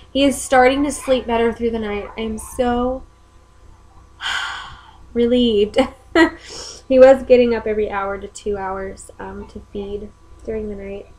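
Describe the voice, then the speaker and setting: A woman's voice: medium pitch, a little mellow, slight background noise, rough recording. A young woman and mother, chatting casually at home in a rambling way with many ums. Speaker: mother and vlogger. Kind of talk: casual chat.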